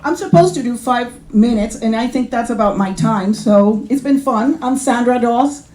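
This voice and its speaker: A woman's voice: on the high side, moderate pace, darkish tone, a little hiss or hum. A middle-aged woman doing a wry, self-mocking stand-up comedy set on a club stage. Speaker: stand-up comic. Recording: echoey live club recording.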